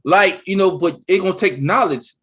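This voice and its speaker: A man co-hosting a casual chat, talking excitedly and rambling, with many restarts. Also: sits high, moderate pace, husky. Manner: excited, rambling, with lots of restarts and "you see what I'm saying". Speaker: co-host.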